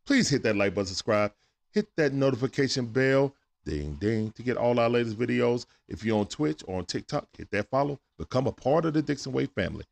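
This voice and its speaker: A man hosting a live stream from home, calling a game play-by-play in a casual, excitable way that swings from hushed asides to sudden shouts. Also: mid-range voice, a little fast, creaky. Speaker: stream host. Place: at home at night.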